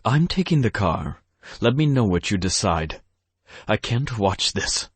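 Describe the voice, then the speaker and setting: A man's voice: on the low side, very animated, a little slow, husky, no room sound, voice pushed up, exaggerated voice. A man narrating an audiobook, voicing a fed-up young man who speaks curtly.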